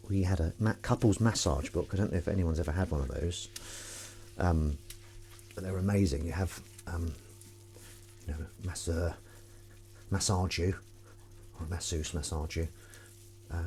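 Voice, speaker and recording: A man's voice: low voice, warm tone, a little hiss or hum. A man hosting a livestream, chatting casually and making self-mocking jokes while doing the washing up. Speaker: livestream host.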